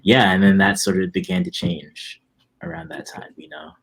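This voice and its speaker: A young man in his twenties, a musician guest in a casual interview, talking in a relaxed, rambling way with lots of fillers. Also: sits low, moderate pace, gravelly, slightly rough.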